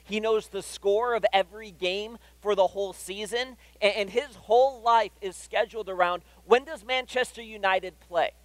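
A man's voice: sits high, moderate pace, hardly any pauses, a bit bright, dry recording, poor audio. A man preaching a sermon in a church, conversational and often asking "right?". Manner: conversational, keeps checking in with "right?". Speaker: pastor. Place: church hall.

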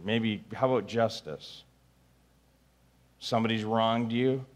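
A man preaching a sermon, rising to near-shouted pleas and dropping to a low, quiet voice. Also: normal speed. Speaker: pastor.

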